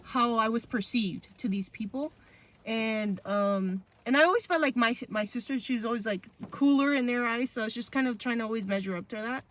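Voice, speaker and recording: Young woman podcast host, slightly high voice, slangy casual storyteller. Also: a little fast. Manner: chatty, heavy on "like" and "bro", acts out quotes.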